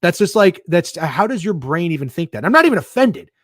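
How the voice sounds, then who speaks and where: A man co-hosting a casual sports podcast, his voice lively and swinging up and down as he rants. He swears freely and sounds exasperated. The sound is dry and close. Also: sits high, brisk, dry recording. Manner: profane, ranting, exasperated. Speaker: podcast co-host.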